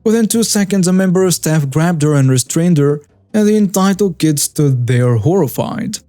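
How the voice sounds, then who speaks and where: Male narrator for story videos; steady, even read, dry close sound. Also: on the high side, normal speed, no echo, soft background music. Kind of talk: scripted narration.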